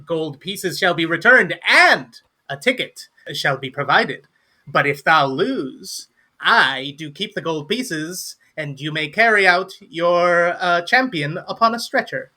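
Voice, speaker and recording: A man's voice: fairly high pitch, lively intonation, slow pace, pushed and bright, voice pushed up, exaggerated voice. A man voicing a fussy gnome barkeep who runs a drinking tent and speaks in a mock-old-fashioned, showman-like way. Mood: salesy. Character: fussy, theatrical gnome barkeep, archaic talk.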